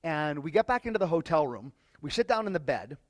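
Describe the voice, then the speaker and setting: Male workshop speaker with a slightly high voice, telling a personal story to a room in a halting, emotional way. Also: very animated, no echo. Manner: emotional, halting, repeats words. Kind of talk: personal storytelling to a live audience.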